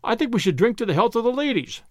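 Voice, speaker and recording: Male narrator voicing a talkative excited gentleman, hearty, rambling, high and lively, gravelly. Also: normal speed, no room sound, clean studio sound. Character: excited talkative British gentleman proposing toasts.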